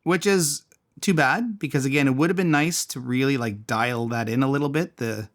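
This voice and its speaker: A man's voice: medium pitch, normal speed, fairly bright tone. Guy chatting thru a fidget toy teardown at his desk, easygoing, talks as he tinkers. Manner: chatty, thinks aloud while tinkering. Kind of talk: casual product teardown.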